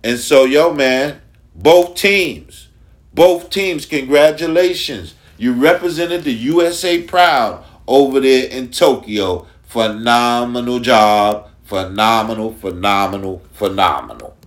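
A man's voice: a little high, animated, takes it slowly. A man hosting a casual sports talk podcast, speaking emphatically and repeating phrases for effect. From Long Island, New York. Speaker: podcast host.

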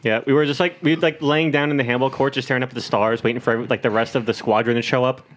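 A man's voice: mid-range voice, fast talker. A man, co-hosting a casual podcast chat with friends and telling stories with plenty of swearing. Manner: animated storyteller, swears freely. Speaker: podcast co-host.

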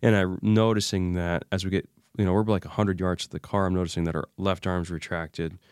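A man as an interview guest, recounting a personal crisis in an animated way and acting out the dialogue he remembers. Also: deep voice, brisk, clear, resonant tone, no echo, studio quality. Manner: animated retelling, acts out remembered dialogue, many fillers. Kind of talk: emotional personal storytelling.

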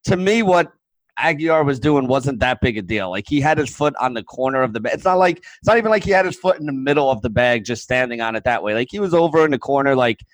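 A man's voice: mid-range voice, animated, fast talker, dry recording, low-quality recording. A man talking sports casually, rambling and hedging with lots of fillers. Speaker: podcast panelist.

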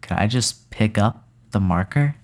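A man's voice: on the low side, animated, a little slow, darkish tone, no echo, studio quality. Curious man asking questions in a game. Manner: curious, asks lots of questions. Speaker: player. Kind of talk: casual game play.

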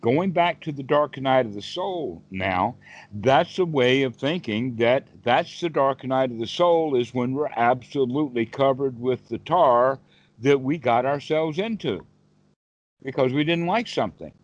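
A man's voice: mid-range voice, lively intonation, unhurried. Folksy man telling a story on a call. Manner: folksy, rambling, many fillers. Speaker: dharma teacher. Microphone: video call. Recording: dull, dry video call audio.

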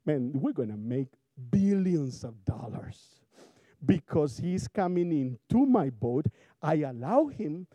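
A man with a Spanish accent voicing a fisherman eager to get rich, lower and softer than his preaching voice. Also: big pitch swings, slow, no room sound, heavily acted. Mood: scheming. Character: eager male fisherman dreaming of profit.

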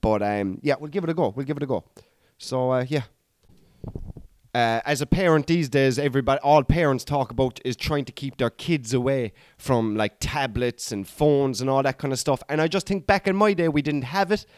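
A man's voice: medium pitch, moderate pace, darkish tone, clean tone, no echo. Rambling Irish man, dry close mic. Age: 30s. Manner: rambling, swearing, restarts mid-sentence. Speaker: comedian podcast host. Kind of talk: casual comedic monologue.

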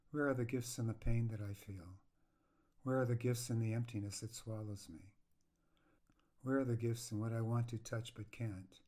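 A man's voice: mid-range voice, dark tone. A man hosting a podcast, reading his personal story of grief in a reflective, earnest way. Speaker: podcast host.

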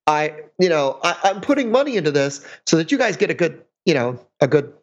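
Rambling sarcastic middle-aged man, higher voice. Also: sing-song, fairly quick. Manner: rambling, self-mocking, sarcastic. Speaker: podcast co-host. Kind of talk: casual chat. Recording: dull lo-fi sound.

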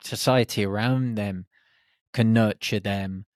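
Guy doing a solo podcast, lowish voice, slow and thoughtful, dry close sound. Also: fairly even intonation, no echo. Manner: unhurried, speaks in short reflective phrases. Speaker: podcast host. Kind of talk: reflective solo podcast monologue.

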